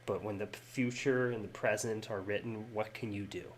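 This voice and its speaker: A man voicing a mysterious male guide who speaks softly and haltingly, apologizing for fate he cannot change. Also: fairly low pitch, steady tone, a little hiss or hum, close to an everyday voice. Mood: sorrowful.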